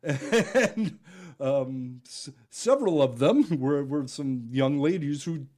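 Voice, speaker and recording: An animated man tells a long anecdote, his pitch swinging widely as he laughs his way through it. His voice sits a little higher than average, and he stumbles through fillers and restarts as he builds to the punch lines. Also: takes it slowly. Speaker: guest, juggler. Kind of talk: storytelling in casual conversation.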